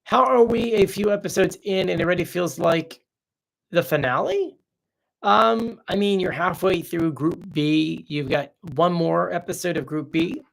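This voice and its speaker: A man's voice: high voice, measured pace, vocal fry. A man hosting a casual live stream, chatting off the cuff as he reads out viewer comments and answers them.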